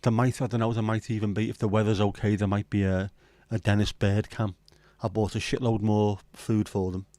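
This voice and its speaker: A man's voice: lowish voice, flat delivery, a little fast, hardly any pauses, dark tone, no room sound. A man from northern England hosting a casual livestream chat, rambling with sweary banter. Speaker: livestream host.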